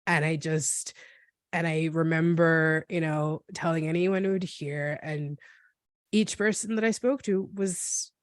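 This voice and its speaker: A woman in her forties telling her story as a podcast guest, earnest and reflective, often halting and restarting. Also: low voice, fairly even intonation, dry recording, clean studio sound. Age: 40s. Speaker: guest, NICU parent. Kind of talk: personal storytelling in a podcast interview.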